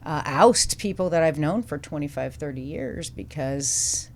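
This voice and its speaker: A woman in a casual podcast chat, talking earnestly and deliberately. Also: deep voice, expressive, a little mellow.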